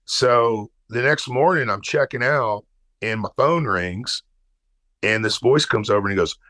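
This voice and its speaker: A middle-aged man from Texas, telling a story as a guest and quoting people with quick shifts of voice. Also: medium pitch, sharp tone, no echo. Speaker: guest musician. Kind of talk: storytelling anecdote.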